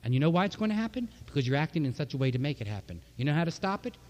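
A man delivering a sermon to his congregation. His voice is mellow and warm, and he preaches with passion, building emphasis through repeated lines. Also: on the high side, big pitch swings, rapid-fire. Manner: impassioned, preaching with rising emphasis and repetition. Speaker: pastor.

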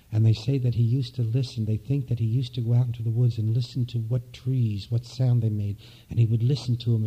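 A man preaches a sermon to his church congregation. He speaks in a reflective, unhurried, soft-spoken way, his voice low and husky. The recording sounds dull and lo-fi. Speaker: minister.

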